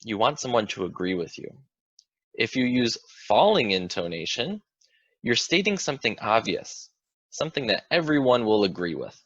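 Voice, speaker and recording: A man's voice: lowish voice, very animated, normal speed, fairly bright tone, no echo, muffled recording. A man teaching an English grammar lesson, explaining patiently and asking the viewer questions.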